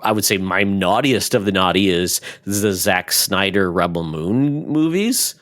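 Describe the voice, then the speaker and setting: Male podcast host, lower pitch, animated casual talk, acts out quotes. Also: measured pace, no room sound, studio quality. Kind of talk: casual chat.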